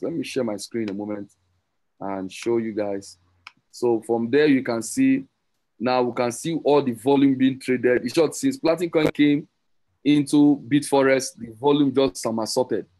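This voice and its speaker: A man pushes a pitch on an online group call. He rambles, repeats phrases and corrects himself mid-sentence. His voice sits at an ordinary male pitch. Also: dark tone, rough recording. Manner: rambling, repetitive, self-correcting, teasing. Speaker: crypto promoter hosting a group call. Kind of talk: excited sales pitch with screen share.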